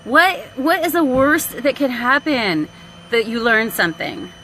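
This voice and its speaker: Animated slangy woman live-streaming. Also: fairly high pitch, a little slow, slight background noise, poor audio. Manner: animated, slangy, laughs a lot, acts out quotes. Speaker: online business vlogger. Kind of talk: casual live-stream chat.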